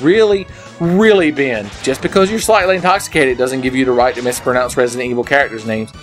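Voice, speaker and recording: A man's voice: medium pitch, fast talker. Tipsy man ranting over game music. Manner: rambling, profane, swings between mutters and yells. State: slightly drunk, slurring. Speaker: gaming video maker. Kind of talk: drunken let's play commentary. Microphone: headset.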